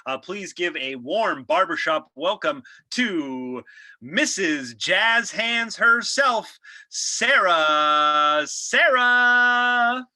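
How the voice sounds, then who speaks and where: Man playing a showy talk-show host, smooth announcer patter, very bright voice. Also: fairly high pitch, lively intonation, slow, hardly any pauses, no echo, pitched above the performer's own voice, exaggerated voice.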